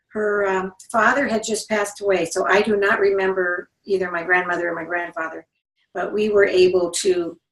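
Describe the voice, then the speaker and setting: A woman in her seventies, born in England and raised in South Dakota, chatting as a guest author with wry, anecdotal storytelling. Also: medium pitch. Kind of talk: storytelling interview. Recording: roomy, distant mic.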